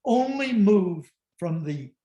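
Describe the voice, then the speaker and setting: A man's voice: high-pitched, sing-song, slow, dark tone, dull audio. Man coaching public speaking over a video call. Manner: conversational, emphatic, self-deprecating. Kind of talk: online presentation on public speaking. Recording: roomy echoey room.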